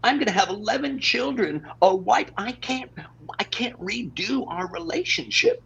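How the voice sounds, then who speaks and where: A flustered, pleading married father, played by a man, who stammers and repeats himself. His voice is very husky and gravelly, and his pitch leaps up and down constantly as he improvises on stage. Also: lively intonation, moderate pace, bright, forceful tone, dull audio, full character voice. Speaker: improv performer. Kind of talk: improv scene acting. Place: theater stage.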